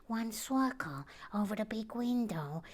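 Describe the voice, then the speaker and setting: A woman voicing a mild, deadpan bearded man friend who asks slow, matter-of-fact questions. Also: fairly high pitch, pitched above the performer's own voice.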